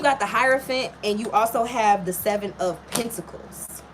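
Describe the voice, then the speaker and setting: A blunt, slangy woman reading tarot live. Her voice sits in an ordinary middle pitch, and she talks to viewers with loose, casual bluntness. She swears freely. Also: moderate pace, hardly any pauses, slight background noise. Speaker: tarot and astrology reader.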